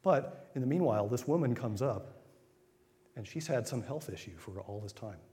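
A man giving an informal sermon, retelling scripture in a conversational way with quick acted asides. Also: medium pitch, lively intonation, dark tone, slight background noise. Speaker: preacher. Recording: long hall reverb.

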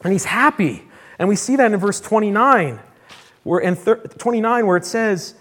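A man with a notably high voice preaches a sermon at a church service. He swings between ringing, emphatic declarations and quiet, hushed passages, often repeating a line for weight. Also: sing-song, normal speed.

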